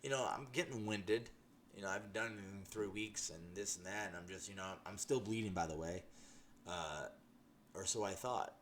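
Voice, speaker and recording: A man's voice: lowish voice, moderate pace, slight background noise. A man telling a personal testimony in a casual, emphatic way, with restarts and laughter. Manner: excited, laughing, emphatic storytelling with many restarts. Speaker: testimony speaker.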